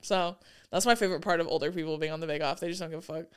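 Smooth-voiced young woman, casual chat. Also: low voice, very fast. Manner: swearing, chatty, quotes people in put-on lines. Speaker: podcast co-host.

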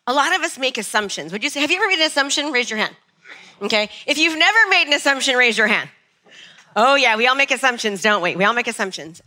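A woman's voice: high-pitched, bright, forceful tone. A woman in her forties giving a chatty, nervous motivational talk on stage to a live audience. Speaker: motivational speaker.

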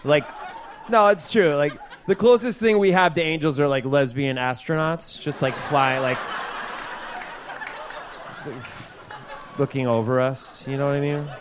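A man performing stand-up with a fairly high voice. He rambles through his bits, giggling and stacking up fillers, with faint noise behind him. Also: measured pace, long pauses. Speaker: comedian. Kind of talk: stand-up comedy.

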